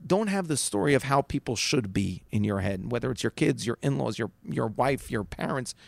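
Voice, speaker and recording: Speaking at normal speed with a creaky, medium-pitched voice, this man is a rabbi offering relaxed advice. The recording is dry, and he restarts often while playing out the characters and quotes in his anecdotes with animation.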